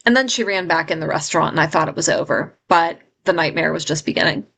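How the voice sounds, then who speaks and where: A middle-aged woman with a somewhat low-pitched voice, speaking as a guest in an interview. She tells a painful personal story in an earnest, heartfelt way. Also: fast, creaky, a bit bright, slightly rough.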